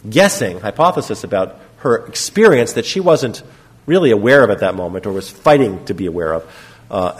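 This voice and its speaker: A middle-aged man with a lowish, husky voice lectures on psychotherapy in a lively, conversational way. He keeps checking in with "okay?" and acts out short example lines.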